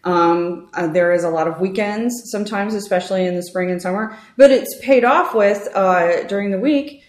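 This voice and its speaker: A woman's voice: mid-range voice, moderate pace. A woman in her thirties, a realtor, talking casually and animatedly in an interview, with many fillers. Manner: chatty, animated storytelling with fillers. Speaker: realtor guest. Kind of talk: conversational interview. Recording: roomy echo.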